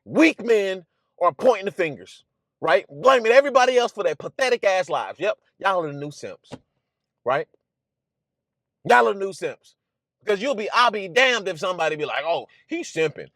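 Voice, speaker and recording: High-voiced man ranting bluntly. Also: big pitch swings, moderate pace, a bit bright, no room sound, studio quality. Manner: emphatic, repetitive, preachy; blunt and profane. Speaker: channel host. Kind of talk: ranting commentary monologue.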